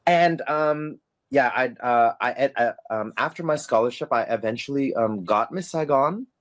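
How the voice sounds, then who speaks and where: A middle-aged man, a former stage performer, telling stories in a casual interview, animated and laughing, acting out the voices of people he quotes. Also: medium pitch, normal speed.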